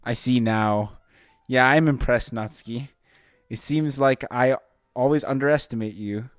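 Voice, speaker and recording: A man's voice: medium pitch, measured pace, clear, resonant tone, no echo, clean studio sound, soft background music. Man reading game dialogue aloud. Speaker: gamer reading the protagonist. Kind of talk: casual let's play, reading dialogue and narration.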